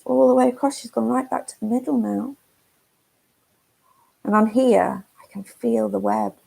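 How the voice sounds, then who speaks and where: A woman leading a forest school session reads a picture book to toddlers at home in a gentle, sing-song way and asks the children questions. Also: fairly high pitch, fairly even intonation, normal speed, vocal fry, slightly rough, low-quality recording.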